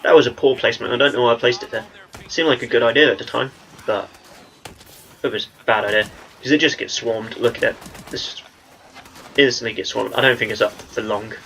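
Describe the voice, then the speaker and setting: A man's voice: medium pitch, fairly even intonation, a little fast, vocal fry, pauses often, a bit bright, a little hiss or hum, poor audio. A young man with an English accent, talking in a rambling, chatty way as he commentates on his gameplay. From England. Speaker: gaming channel host.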